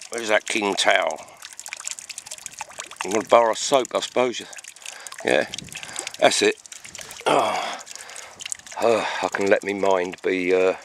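A man's voice: low voice, slight background noise. An Englishman rambling jokily in his garden, talking to a frog in his pond while filming. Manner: jokey, chatty, talks to a pond frog. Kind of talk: rambling casual chat.

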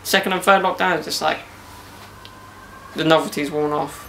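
A man's voice: a little high, steady tone, normal speed, long pauses, a bit bright, a little hiss or hum. A young man hosting a casual podcast outdoors in a garden, bantering and joking with slang. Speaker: podcast host.

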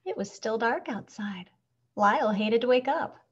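A woman reading a children's picture book aloud with expressive, animated storytelling, on a dull recording. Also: a little high, moderate pace, breathy edge. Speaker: storybook reader.

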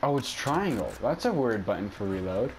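A man's voice: medium pitch, big pitch swings, moderate pace, slight background noise. A man giving casual, self-mocking commentary while playing a video game, yelping in panic when things go wrong. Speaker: gaming YouTuber. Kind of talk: casual let's play commentary.

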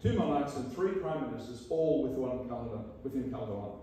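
A man's voice: medium pitch, animated, quick pace, dark tone, a little hiss or hum. Older Australian man telling a wry story in a hall. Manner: dry wry storytelling, acts out quoted lines. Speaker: guest speaker at an annual meeting. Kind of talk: prepared address with anecdotes. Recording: echoey hall from a distance.

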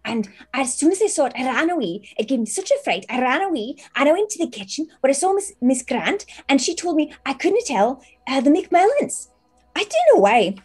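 Two gossiping teenage maids squeal and bicker over each other, as a woman puts them on. Their high voices leap about wildly and ring loud. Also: sing-song, a little fast, soft background music. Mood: giggly bickering.

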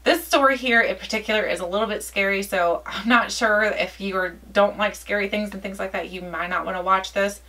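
A woman's voice: medium pitch, a little fast, few pauses, distant mic, low-quality recording. A woman vlogger telling a personal story in a casual, chatty way, acting out the dialogue as she goes. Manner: chatty, lively retelling with quoted dialogue.

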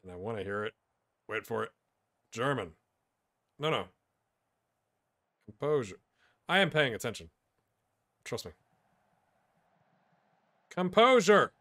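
A man doing let's play commentary for viewers, with excitable play-by-play that swings from loud outbursts to quiet muttering, and jokes along the way. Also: mid-range voice, slow pace, pauses often. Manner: jokey, talks to viewers. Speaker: gaming YouTuber.

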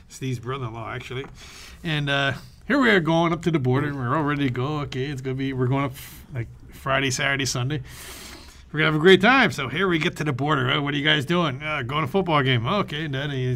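A man co-hosting a casual podcast chat, telling a story with animated energy. He swears freely and slips into the voices of the people he quotes. His voice sits at an ordinary middle pitch. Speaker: podcast co-host.

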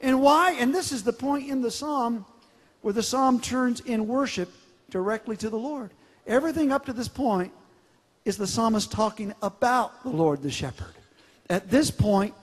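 A man with a strikingly high voice preaches a sermon in a large church sanctuary. He stretches out scripture lines for emphasis and often restarts his words. His voice rings with long reverb through the hall. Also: measured pace. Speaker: pastor.

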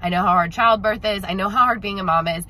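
A woman's voice: mid-range voice, quick pace, bright, forceful tone, slight background noise, rough recording. A woman recording a heartfelt video message for a friend, emotional and gushing, often repeating herself.

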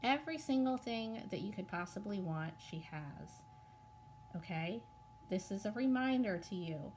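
A woman reads tarot cards straight to her viewers in a loose, chatty way, excited and blunt, swearing without a second thought. Her pitch sits at an ordinary middle level for a woman. A faint hiss of noise runs behind her voice. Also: moderate pace. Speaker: tarot reader. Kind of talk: casual tarot reading to camera.

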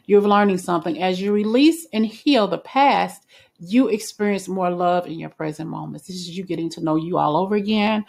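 A woman's voice: on the low side, gravelly. A woman giving a casual spoken tarot reading in a chatty, reassuring way, with frequent fillers and restarts. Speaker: tarot reader.

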